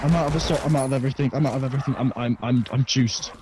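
A man's voice: medium pitch, steady tone, very fast, very noisy. A man playing a co-op game with a friend, panicky and chattering, fussing over an in-game dog. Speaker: co-op gaming partner. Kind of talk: casual co-op gaming banter. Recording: game music behind.

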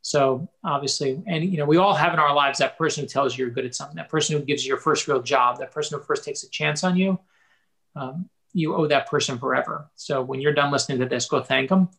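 A male novelist tells a personal story in an animated way. He acts out the quoted exchanges as he goes. His voice sits slightly higher than most men's. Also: fast, vocal fry. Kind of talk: anecdotal storytelling.

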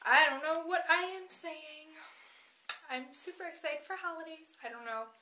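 A young woman vlogging casually about her outfit, bubbly and scattered, with excited asides. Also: high voice, normal speed, roomy sound, a little hiss or hum.

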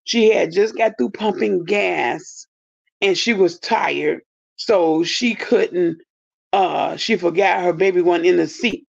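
A woman's voice: on the low side, a little slow, gravelly, a little mellow. A woman in her fifties giving blunt, indignant casual commentary to her viewers. She swears freely. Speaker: commentary vlogger. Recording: dull lo-fi audio.

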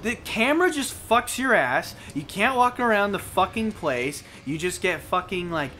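A man co-hosting a let's-play, giving casual commentary and ranting loudly with heavy swearing at the game. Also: sits high, animated, normal speed, a little hiss or hum. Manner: loud profane ranting at the game.

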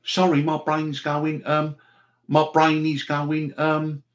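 Man, live-stream host, slightly high voice, digressive, chatty. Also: monotone, slow. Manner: chatty, digressive, mock-exasperated. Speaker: livestream host. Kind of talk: rambling live-stream chat.

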